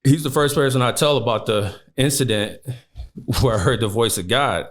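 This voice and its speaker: A man's voice: mid-range voice, normal speed. A man in his thirties from Chicago, a podcast guest telling a personal story with many "you know" fillers.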